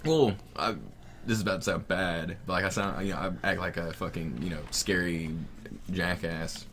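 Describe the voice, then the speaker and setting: A young man with a Southern US drawl, his voice sitting fairly low. He chats through a game in an easygoing manner, retelling what other people said and cursing casually. There is a faint hiss behind him. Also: fairly even intonation, moderate pace, a bit bright. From Southern United States. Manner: laid-back storytelling, swears freely, retells others' lines. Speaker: let's play commentator. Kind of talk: casual gaming commentary chat.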